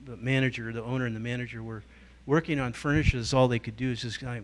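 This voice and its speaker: Quick-paced and hardly pausing, a middle-aged man with a medium-pitched voice teaches a church group as a guest. His stories are full of life, with quoted voices acted out and his delivery changing as he goes.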